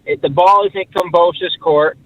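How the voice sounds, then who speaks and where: A man's voice: high-pitched, steady tone, moderate pace, no room sound. A man calling into a show, ranting bluntly and mocking other people in a put-on voice. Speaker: caller. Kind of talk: ranting phone call. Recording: muffled phone line.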